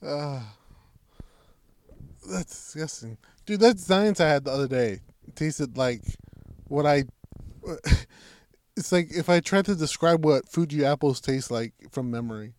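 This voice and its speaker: A man's voice: a little high, expressive, unhurried, pauses often, darkish tone. A man co-hosting a casual podcast chat, telling rambling, profane joke stories. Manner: rambling, profane, joking storyteller. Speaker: podcast co-host.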